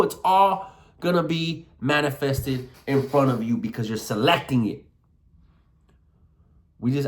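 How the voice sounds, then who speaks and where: A young man giving a hyped motivational talk, slangy and full of swearing, often leaping up in pitch to act out affirmations. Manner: hyped, slangy, swears a lot, swings pitch wide when acting out affirmations. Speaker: self-help coach.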